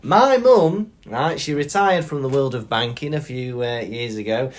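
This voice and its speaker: A man's voice: medium pitch, unhurried. A man co-hosting a podcast in casual chat, jokey and chatty, often laughing as he talks. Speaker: podcast co-host.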